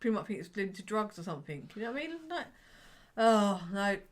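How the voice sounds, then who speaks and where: A woman's voice: medium pitch, sing-song, quick pace. A woman co-hosting a casual film review podcast, chatty and laughing often, full of filler words. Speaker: podcast co-host.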